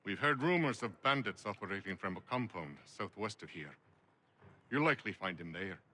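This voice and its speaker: Game role: courteous gentleman, lowish, bright and measured. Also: animated, a little hiss or hum.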